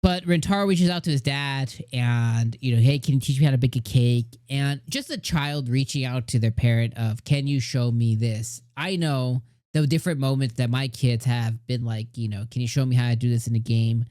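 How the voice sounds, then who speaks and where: A man's voice: mid-range voice, moderate pace, a little mellow, dry recording, clean studio sound. Gushing middle-aged man reviewing anime. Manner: gushing, rambling with many fillers. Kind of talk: casual review commentary.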